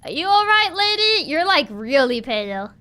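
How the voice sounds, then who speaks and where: A woman's voice: sits high, big pitch swings, moderate pace, pushed and bright, exaggerated voice. A woman voicing a flustered young clerk at closing time, hesitant with fillers.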